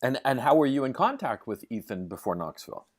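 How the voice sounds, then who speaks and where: A man's voice: mid-range voice, sing-song, fairly quick. A man interviewing a guest, asking careful questions and checking the timeline of events. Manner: methodical, checks facts and timeline.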